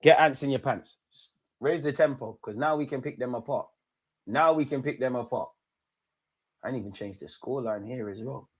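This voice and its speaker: A man streaming a live football watchalong, excitably shouting at players and the referee and bantering with his chat. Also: mid-range voice, normal speed, husky. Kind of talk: live match reaction commentary.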